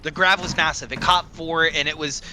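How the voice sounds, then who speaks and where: A young man casting a competitive esports match, calling plays fast and shouting at the big moments. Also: fairly high pitch, fairly even intonation. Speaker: esports caster. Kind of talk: excited esports commentary.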